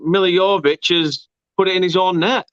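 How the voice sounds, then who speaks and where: A slightly high-voiced man runs a relaxed football watchalong, chatting and reading viewer comments between laughs. The sound is dry and dull, like a modest home mic on a live stream. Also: moderate pace, no echo. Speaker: host of fan watchalong. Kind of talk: casual match commentary chat.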